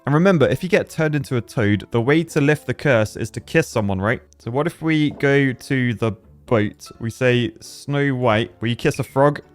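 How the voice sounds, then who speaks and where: A man's voice: medium pitch, animated, moderate pace, hardly any pauses, soft background music. A young man, chatting and laughing as he plays through a puzzle game. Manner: chatty, laughing, jumps into silly character voices. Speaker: gaming youtuber. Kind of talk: playful let's-play commentary.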